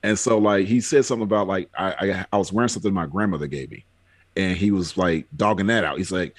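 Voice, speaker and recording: A man's voice: sits low, fast, husky, no echo. A man chatting on a podcast, telling rambling personal stories with frequent fillers. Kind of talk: casual podcast chat.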